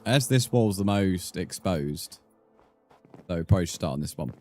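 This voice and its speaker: A British streamer with a low, warm voice chats animatedly at a normal pace while gaming live, joking around and thanking his followers. Faint music sits behind him.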